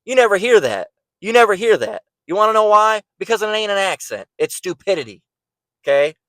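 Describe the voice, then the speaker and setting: A man's voice: high-pitched, sing-song, a little fast, a bit bright, no room sound, low-quality recording. A man giving blunt, emphatic Bible commentary, swearing freely and asking "right?" often.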